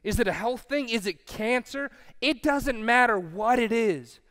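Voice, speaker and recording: A pastor delivering a sermon who swings from loud declarations to hushed lines and acts out listeners' reactions. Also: male voice, extremely high pitch, unhurried.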